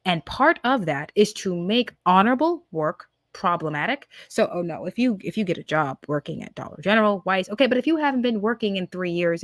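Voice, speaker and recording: A woman's voice: medium pitch, no room sound, studio quality. Heated woman podcaster in her twenties. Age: 20s. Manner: heated, emphatic, repetitive rhetorical questions. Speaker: podcast host. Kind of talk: political commentary monologue.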